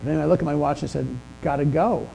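An older man preaching a sermon in a church, telling stories in a conversational way with pauses and restarts. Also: on the high side, level tone, gravelly, mellow, a little hiss or hum, low-quality recording. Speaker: pastor. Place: church sanctuary.

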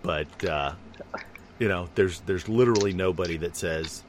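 A man's voice: low voice, fairly even intonation, moderate pace, a little hiss or hum. A man in casual conversation, musing at length and rambling through his explanations. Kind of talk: casual chat.

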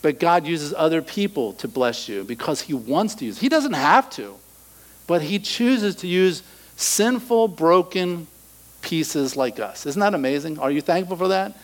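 A middle-aged male pastor preaching a sermon, animated, acting out quoted voices and dropping to soft asides. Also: fairly high pitch, unhurried, rough recording.

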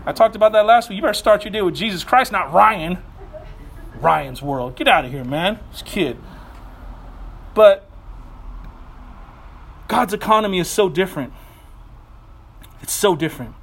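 High-voiced man preaching a casual sermon. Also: lively intonation, normal speed, long pauses, fairly bright tone. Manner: conversational and playful, with asides and laughs. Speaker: pastor.

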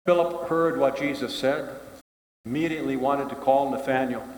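A man's voice: mid-range voice, moderate pace. An older man preaching a sermon as pastor, folksy and conversational, recorded in a church sanctuary. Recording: echoey church hall.

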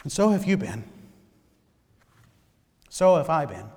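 A male pastor preaching a sermon, swinging between loud emphasis and hushed, near-whispered lines. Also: on the high side, big pitch swings, slow pace, long pauses, breathy edge, in a large hall.

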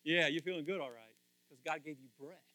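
A man preaching a lively sermon, swinging from hushed asides to loud excited bursts and laughing often. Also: a little high, brisk, no echo. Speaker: pastor.

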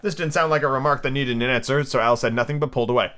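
A man's voice: medium pitch, very fast, a bit bright. Brief: casual male host, mid voice, reading a story aloud and drifting into chatty tangents. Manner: rambling, filler-heavy asides. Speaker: podcast host. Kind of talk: casual book reading with asides.

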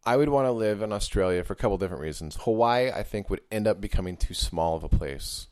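A man's voice: lowish voice, animated, fast talker, darkish tone. A man co-hosting a podcast in casual chat, joking and chatty. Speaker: podcast co-host.

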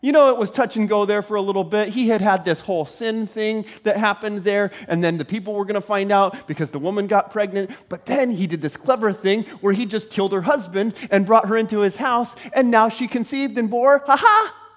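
A man preaching a sermon, telling a story dramatically and swinging from loud to hushed. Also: sits high, fairly quick, hardly any pauses. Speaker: pastor.

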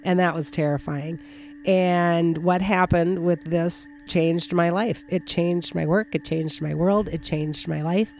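Gravelly woman telling a story near tears. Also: fairly low pitch, steady tone, darkish tone, soft background music. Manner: heartfelt, rambling, halting with fillers. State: close to tears. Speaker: energy healer and teacher, interview guest. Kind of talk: emotional personal storytelling in an interview.

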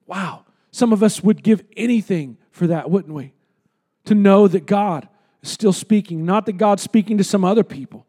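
Man, pastor, sermon, very high-pitched, impassioned, call-and-response. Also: darkish tone.

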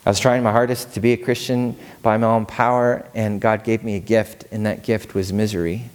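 A male pastor preaching a sermon, animated and storytelling, asking the congregation questions. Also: lowish voice, brisk.

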